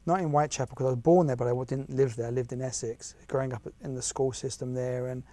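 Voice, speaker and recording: A man's voice: mid-range voice, fairly even intonation, fast talker, mellow. A man in his forties with an English accent, talking casually as an interview guest, restarting and repeating himself often. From England. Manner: chatty, many restarts and repeats. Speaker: guest actor and writer.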